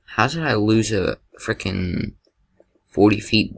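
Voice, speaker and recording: A young man doing excitable, jokey gameplay commentary with a gravelly voice, yelping at scares. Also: fairly low pitch, slow, rough recording.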